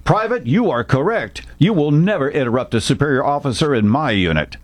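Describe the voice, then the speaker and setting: A man reading the lines of a stern, gruff army colonel in a story. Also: a little high, lively intonation, fairly quick, no room sound. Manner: gruff, authoritative.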